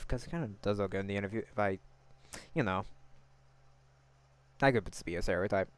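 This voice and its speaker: A let's-play gamer reading game dialogue aloud, with animated, chatty asides, over a noisy recording. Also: sits low, fairly quick, smooth.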